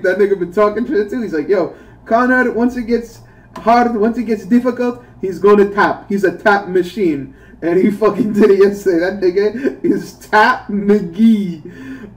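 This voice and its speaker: Profane, laughing gamer ranting off-mic. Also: male voice, high voice, recorded from a distance. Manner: profane, animated rant with bursts of laughter. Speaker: gaming YouTuber. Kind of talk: casual commentary while playing a mobile game.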